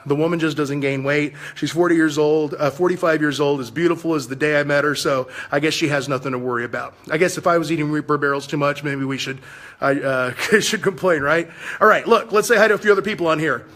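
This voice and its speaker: A man's voice: a little high, fast, a bit bright. A man in his fifties hosting a political livestream, talking in a fiery, combative, preaching way. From United States. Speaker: livestream host.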